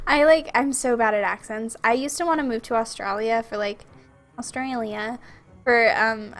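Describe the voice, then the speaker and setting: A young woman from Minnesota with a Minnesotan accent, chatting and giggling casually as she streams a video game. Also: a little high. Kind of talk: casual chat while playing a video game.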